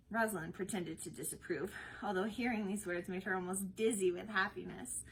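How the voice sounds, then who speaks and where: A woman reading a story aloud in an expressive storybook manner. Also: medium pitch, fairly quick, hardly any pauses, husky, rough recording.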